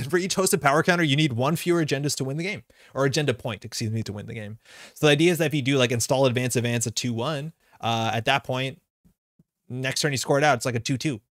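A man's voice: medium pitch, fast, no echo, clean studio sound. A man from North America streaming a card game live, chatting casually with viewers in a rambling way, full of fillers and self-corrections.

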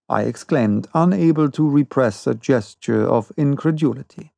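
A man reading an unabridged classic novel aloud chapter by chapter, in a slow, measured manner. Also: mid-range voice, creaky, dark tone, no echo. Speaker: audiobook reader. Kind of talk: unabridged audiobook narration.

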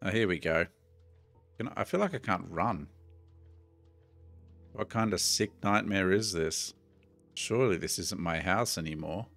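A man's voice: deep voice, animated, unhurried, vocal fry, pauses often, fairly bright tone, faint music behind. A middle-aged man with an Australian accent gives chatty, jumpy commentary while playing a horror game and talks to his viewers. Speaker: gaming YouTuber.

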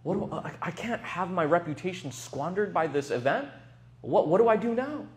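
A pious man, hesitant and uneasy, is talked into things against his better judgment, as a man acts him out. His voice sits a touch high. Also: animated, a little fast. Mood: panicked.

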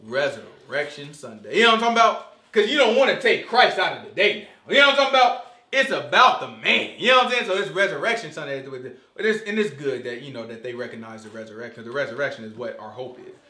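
A man teaching a casual Bible study in an animated way, quizzing his listeners and acting out dialogue. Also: a little high, quick pace. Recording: echoey room.

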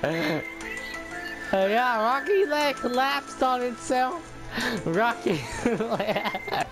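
Brief: excitable young-sounding gamer guy, slow drawl but wildly swinging pitch, game music loud behind. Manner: loud, laughing, swearing, stammering. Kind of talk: gameplay commentary with a friend.

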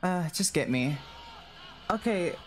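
With a high, expressive voice and a slow pace, a man gives live commentary while streaming a horror game. He rambles in a self-deprecating way, screaming and laughing at scares, over slight background noise.

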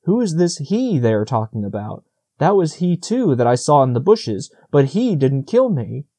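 A timid young fawn, as a man reads him aloud, speaking softly and lifting his voice high with wonder. The tone stays mellow, and he sounds small and unsure of the big forest around him. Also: sing-song, normal speed, breathy edge, heavily acted. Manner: soft, hesitant.

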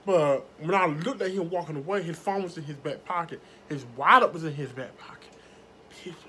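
A woman vlogger telling a story to her viewers in a casual, animated way, swearing freely. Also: sits low, normal speed, slight background noise. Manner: animated, profane, talks straight to viewers.

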